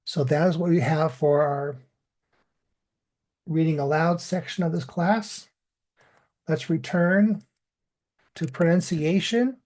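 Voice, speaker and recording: A man teaching an online English lesson, modeling words slowly and deliberately for learners. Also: fairly high pitch, steady tone, darkish tone. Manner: slow, deliberate, drawn-out model pronunciation.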